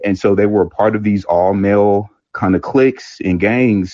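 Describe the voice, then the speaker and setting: A young man calling in to a live chat room, earnestly explaining his views with many pauses and restarts. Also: on the low side, dark tone, no echo. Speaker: caller. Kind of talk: opinion call-in. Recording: dry lo-fi online audio.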